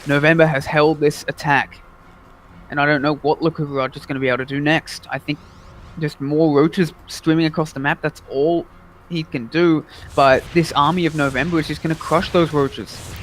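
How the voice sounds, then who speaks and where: Brief: male esports caster, energetic play-by-play, slightly raised pitch, light background hum. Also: moderate pace. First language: English. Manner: energetic play-by-play, excited at big moments. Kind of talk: live game commentary.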